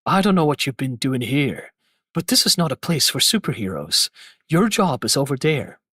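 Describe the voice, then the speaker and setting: A man voicing a sneering male villain who talks down to a hero, taunting him in a lowered voice. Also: big pitch swings, moderate pace, a bit bright, slightly rough, no echo, studio quality. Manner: condescending, taunting.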